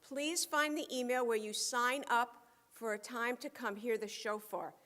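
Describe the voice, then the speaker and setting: A woman leading a holiday service in a casual, excitable and exclamatory way. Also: fairly high pitch, measured pace. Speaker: service leader.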